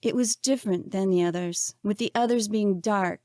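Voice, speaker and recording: A woman narrating her own memoir as an audiobook in a measured, expressive reading. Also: mid-range voice, dry recording, clean studio sound.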